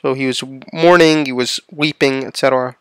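A man's voice: medium pitch, fairly even intonation, brisk, smooth, no room sound. A man reading a religious text aloud and explaining it in plain asides, checking in with the listener as he goes. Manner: reads passages aloud, then adds plain explanatory asides; checks in with the listener using "right?" and "okay?". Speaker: religious lecturer.

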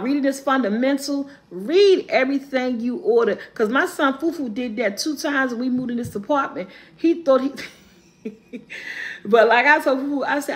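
A woman vlogger, casually telling viewers a funny story, animated and laughing often. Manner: animated, laughing often, rising into high squeals when quoting.

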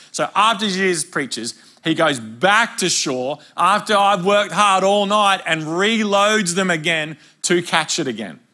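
A man's voice: on the high side, bright, forceful tone. A young adult man with an Australian accent, preaching a conversational, humorous sermon at a men's conference. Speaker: pastor.

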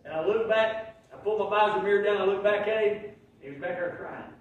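A man preaching a sermon as pastor, telling folksy stories and swinging from quiet asides to loud shouts. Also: high voice, steady tone, a little fast, dull audio, slight background noise. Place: church sanctuary. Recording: very echoey church hall, mic far off.

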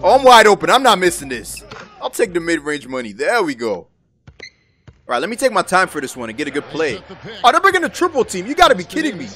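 A young man giving excited, trash-talking commentary over his own basketball video game play. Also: sits high, fast talker, slight background noise. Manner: hyped, exclaiming, trash-talking. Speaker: gaming YouTuber. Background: background music.

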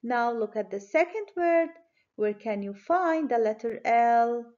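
A woman teacher giving a children's phonics lesson, speaking clearly and encouragingly. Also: a little high, animated, darkish tone, highs cut off. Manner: slow, clear, encouraging classroom delivery.

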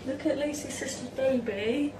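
High-voiced woman laughing from far off. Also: normal speed. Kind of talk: home video. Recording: distant from the mic in an echoey room with noise.

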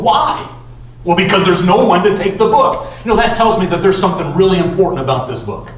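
A male pastor preaching a sermon slowly and emphatically, with dramatic pauses. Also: sits high. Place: church sanctuary. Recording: roomy church echo from far off.

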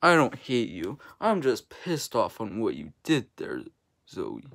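A woman's voice: a bass voice, huge pitch swings, a little slow. A young woman venting in a vlog, annoyed and ranting, with frequent swearing. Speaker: vlogger.

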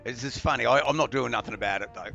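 A man's voice: medium pitch, fast talker, creaky, highs cut off, music in the background. A man joking and teasing his squadmates over voice chat during an online shooter. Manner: joking, teasing, laid-back. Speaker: squad member. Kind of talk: casual game voice chat.

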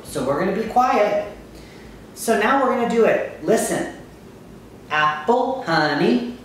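A woman teaching a kindergarten music lesson, upbeat and encouraging, chanting words to a steady beat and calling on children to join in. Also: low-pitched, slight background noise. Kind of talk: children's lesson, call and response. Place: kitchen. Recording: echoey room, mic far off.

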